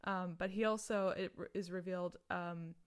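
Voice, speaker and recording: A woman's voice: lowish voice, fairly even intonation, normal speed, clean tone. A woman in casual podcast chat about a film, rambling with many restarts and asides.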